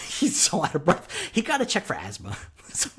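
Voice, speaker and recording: A man co-hosting a casual TV recap podcast, talking in an animated way, swearing freely and leaning on fillers. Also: fairly high pitch, moderate pace. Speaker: podcast co-host.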